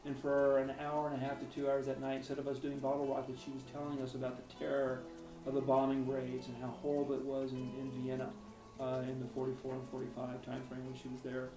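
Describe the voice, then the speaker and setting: Talking fast in a monotone, a man with a mid-range voice tells personal stories as an interviewed author. His delivery wanders and stalls, with frequent restarts, and the recording sounds roomy and distant with faint music.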